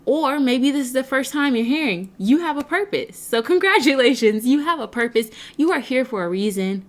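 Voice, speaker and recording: This woman talks with fervent, preacher-like earnestness, firing off rhetorical questions at the people watching. Her voice sits a little on the high side. It is a faith-based motivational talk delivered straight into a camera mic. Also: animated, normal speed. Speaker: motivational speaker and nonprofit founder.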